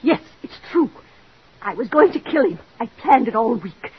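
A woman's voice: fairly high pitch, sing-song, normal speed, breathy edge, exaggerated voice. A woman playing a desperate, jealous married woman in an old radio drama, pleading and overwrought, on a dull old recording. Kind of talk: 1940s radio drama acting.

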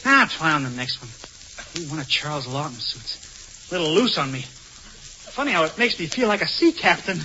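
A man's voice: a little high, very animated, normal speed, sharp tone, a little hiss or hum. A man doing 1940s radio comedy in a playful, mock-suave manner. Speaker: comedian host. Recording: lo-fi old radio recording.

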